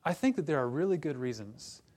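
A man preaching a sermon to a congregation in a conversational way, turning animated when he retells stories. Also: fairly high pitch, a little fast. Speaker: pastor.

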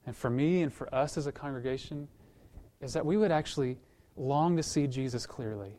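Male pastor, conversational sermon delivery, lively storytelling with acted-out voices, restarts mid-phrase. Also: mid-range voice, moderate pace. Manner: animated storytelling, acts out quoted voices; conversational, repeats words as he restarts.

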